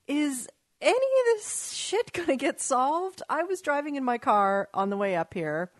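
A woman's voice: on the high side, dry recording. A woman hosting a talk radio show in a Los Angeles studio, rambling in an exasperated, casual way and swearing freely.

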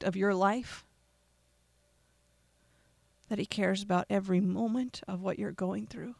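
A podcast host turns preacher, making an emotional gospel appeal in an earnest, deliberate voice. The tone is gravelly, with repeated phrases and pauses. The recording is dry and close. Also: medium pitch, fairly even intonation, a little mellow, no room sound.

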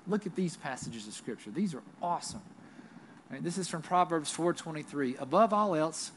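A Southern US pastor delivers a sermon in a relaxed, conversational way, often tagging his points with a quick "right?". His voice sits a little on the high side for a man. A faint hum of room ambience stays under his voice. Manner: conversational preaching, frequent tag "right?". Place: church.

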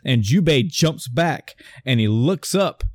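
A man in casual conversation, telling stories in an animated, meandering way that doubles back on itself. His voice sits at an ordinary middle pitch. The sound is dry and close, with no room echo. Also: slow. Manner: rambling, animated storytelling with many restarts. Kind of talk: casual chat.

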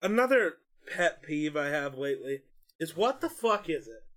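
Young streamer guy, a bit higher voice, blunt and sweary, ranting casually. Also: very animated, normal speed, fairly bright tone. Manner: blunt, swears freely, rants about pet peeves. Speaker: podcast co-host, streamer. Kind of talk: casual chat.

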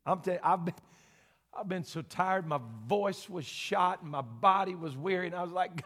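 A middle-aged preacher, folksy and plainspoken, whose sermon moves between quiet talk and loud shouted exhortation. His voice is bright and fairly high, ringing with the long reverb of a church sanctuary. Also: normal speed. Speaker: senior pastor. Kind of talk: Pentecostal sermon.

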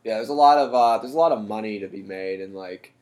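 A man co-hosting a podcast in relaxed casual chat, often soft and trailing off. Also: fairly low pitch, fast.

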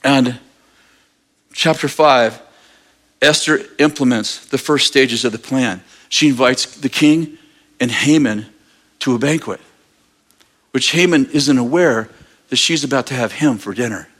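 A man preaching a sermon, retelling a scripture story in lively, casual storytelling. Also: mid-range voice, unhurried, long pauses. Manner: animated storyteller, acting out characters. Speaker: pastor.

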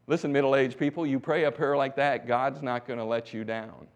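A middle-aged man from the United States preaching a testimony sermon as a missionary preacher. He exhorts the congregation, swinging between hushed asides and loud bursts. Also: medium pitch, fairly even intonation, moderate pace.

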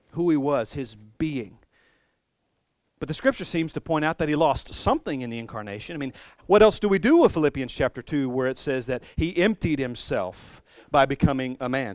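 A male pastor delivers a sermon in a relaxed, conversational way, mixing humor with reflective musing. His voice sits a little higher than most men's. The recording is dry and close, with no room echo.

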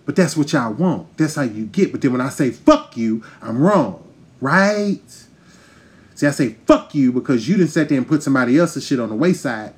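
A man's voice: medium pitch, expressive, moderate pace. A man hosting a podcast, delivering a heated, profane, emphatic rant straight to his listeners. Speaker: podcast host. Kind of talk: ranting monologue.

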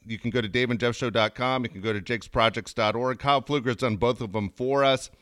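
A male co-host in casual radio banter, reading out plugs and phone numbers in a relaxed way. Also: medium pitch, dry recording, studio quality. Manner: relaxed, reads phone numbers slowly and plainly.

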